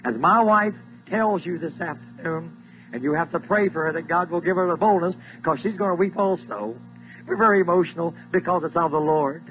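Older man, high-pitched, fervent church testimony, lo-fi 1980s tape. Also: brisk, soft background music. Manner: fervent, preacherly, repeats lines, voice rises to high cries.

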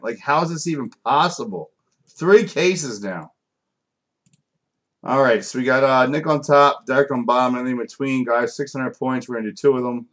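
A man's voice: medium pitch, expressive, moderate pace, fairly bright tone. Male card break host; frustrated, profane, mutters card names between complaints. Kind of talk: live card break commentary.

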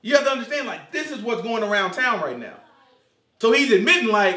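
A man teaching a casual Bible study in an animated way, quizzing his listeners and acting out dialogue. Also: sits high, fast talker. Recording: echoey room.

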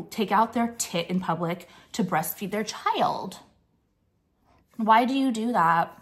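A young woman ranting to camera in a swearing, contemptuous tone, hammering points with repeated "okay?" and "like". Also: on the low side. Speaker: vlogger. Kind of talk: profane ranting monologue.

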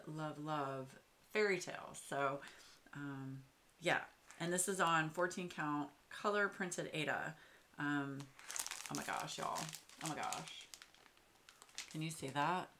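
A woman, chatting casually and excitedly as she shows off craft supplies, with lots of fillers and gushing. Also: low voice, creaky. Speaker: craft vlogger. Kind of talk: casual show-and-tell chat.

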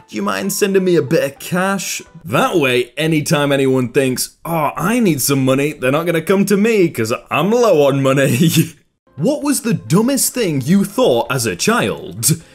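Lively laughing man reading posts. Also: a little high, slightly rough. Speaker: YouTube host reading Reddit posts. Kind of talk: casual comedic commentary.

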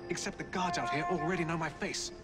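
A man voicing a worried constable in a video game, earnest and hushed in tone as he lays out his plan. His voice sits a bit high. Loud game music plays under him. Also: quick pace, close to an everyday voice. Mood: urgent. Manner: urgent, earnest. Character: earnest male constable ally, urgent and worried.

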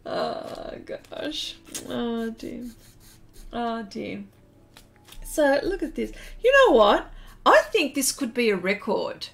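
Chatty Australian woman, bright voice. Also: on the high side, very animated, slow pace, creaky. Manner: chatty, laughs often, reads chat aloud. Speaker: artist streaming live. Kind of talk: casual live-stream chat while drawing. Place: home studio shed.

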